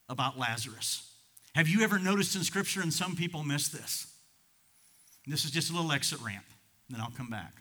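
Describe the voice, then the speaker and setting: Bright-voiced man preaching a sermon. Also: fairly high pitch. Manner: conversational, chuckling, swelling to fervent emphasis. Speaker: pastor. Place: church service.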